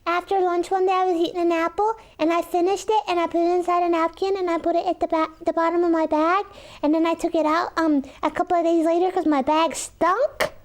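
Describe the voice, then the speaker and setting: A candid little girl on a children's religious TV show, her voice piping very high. She rambles on with ums and likes, playful and open. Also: little pitch movement, fairly quick, few pauses. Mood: chatty. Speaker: co-host figure Lucy. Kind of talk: children's TV chat.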